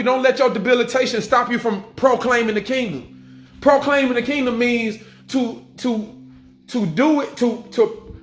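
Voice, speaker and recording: High-voiced man preaching in an echoey room. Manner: emphatic and repetitive, restating points, casual swearing. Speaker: spiritual vlogger. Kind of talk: preachy spiritual monologue. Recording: echoey room with faint music.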